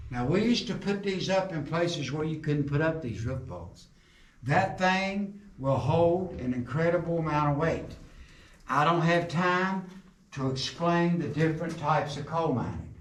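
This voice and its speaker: A middle-aged man guides a group through an underground coal mine. He tells folksy stories and jokes, and his fairly high voice echoes off the tunnel walls. He is recorded from a distance, with some faint noise behind him. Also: animated, measured pace. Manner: folksy joking storyteller, quizzes the group. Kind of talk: guided tour talk to a group.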